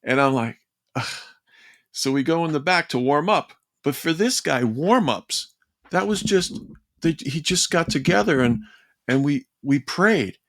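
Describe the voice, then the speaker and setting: An older man, a guest in a conversation, telling a personal story in a lively, rambling way and acting out the other people's lines. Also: fairly high pitch, a little slow. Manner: animated, rambling, acts out quoted dialogue.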